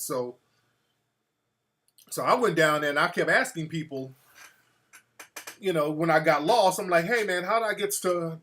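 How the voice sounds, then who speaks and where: A man's voice: on the high side, a bit bright. A man hosting a call-in talk show, chatting loosely and cursing freely. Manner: profane, loose and conversational. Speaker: radio talk show host.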